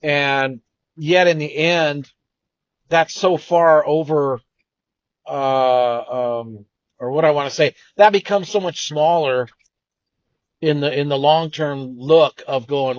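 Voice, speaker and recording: Earnest man, reflective, slightly high voice. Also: slow pace, no echo. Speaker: co-host. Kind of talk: casual storytelling. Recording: dull, dry lo-fi sound.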